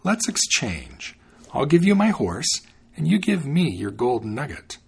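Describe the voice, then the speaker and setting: A man's voice: mid-range voice, very animated, measured pace, creaky, breathy edge, exaggerated voice. A man reading as a sly, persuasive horseman.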